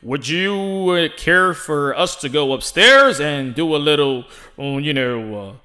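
A man impersonating a formal male boxing interviewer who talks in a drawn-out announcer voice even in private. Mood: stiff, announcing. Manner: deep, drawn-out announcer delivery.

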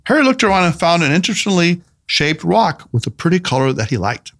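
A man narrates a story aloud in an audiobook, his voice fairly high and rising and falling in wide, lively arcs. The telling is scripted, expressive storytelling. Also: quick pace.

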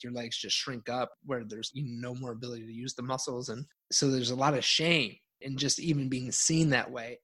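A middle-aged man tells a story from his own life as a podcast guest. He is animated and pokes fun at himself, and he breaks into laughter often. He speaks at a medium pitch. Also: slightly rough. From United States.

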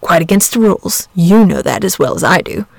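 A woman's voice: on the low side, animated, fairly quick, gravelly, no room sound. A woman voicing a good-natured knight saint who speaks in formal, old-fashioned phrasing in a storybook reading. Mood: perplexed.

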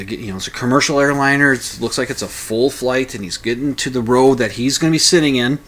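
A man's voice: medium pitch, fairly bright tone. A man talking casually at home, telling a story in a rambling, hesitant way with many restarts. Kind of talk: casual spoken commentary.

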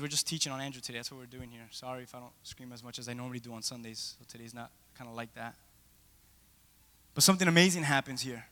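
Male pastor, high and bright voice, playful storyteller, echoey hall. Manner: playful, animated storyteller acting out scenes. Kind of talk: sermon.

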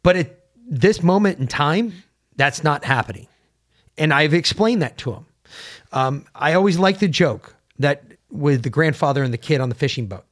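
A man's voice: fairly high pitch, animated, moderate pace. A man co-hosting a casual opinion podcast, talking bluntly and emphatically and swearing freely. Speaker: podcast co-host.

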